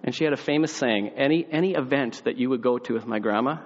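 A young adult man preaches fast in a mid-range voice, telling a personal story with animated delivery and acted-out voices before dropping to a quiet, reflective tone. The sound is muffled, in a large reverberant hall.

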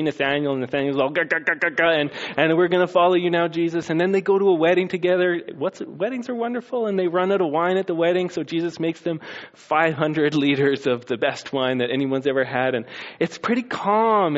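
A man preaching a sermon as a pastor, telling the story with lively acted-out scenes and sound effects. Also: on the high side, dull audio.

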